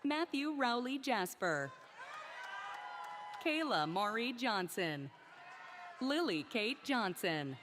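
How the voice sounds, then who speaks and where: A woman reading out graduates' names one by one at a commencement ceremony, careful and deliberate. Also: fairly high pitch, very animated. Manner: slow, careful name reading. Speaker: commencement name reader. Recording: crowd and noise of a large ceremony.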